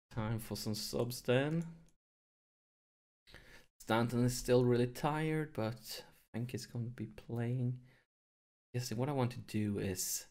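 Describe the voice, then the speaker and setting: A man hosting a let's play, commentating his football management game, nervous and excited, keeping his voice down at home late in the evening. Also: lowish voice. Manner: excitable, nervous, talks to viewers; deliberately holds his voice down to avoid waking neighbors.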